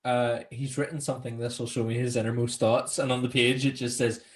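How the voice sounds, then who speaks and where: A man's voice: mid-range voice, level tone, a little fast. A man with a Northern Irish accent, co-hosting a casual film podcast, laughing often and quoting scenes in put-on voices. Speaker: podcast co-host.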